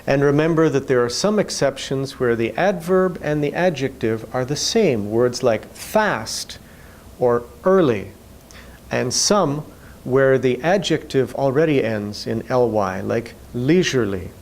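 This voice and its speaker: Narrator, man, measured and slow, mid-pitched, reviewing rules. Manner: slow, even explaining tone. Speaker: instructor. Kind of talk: scripted narration.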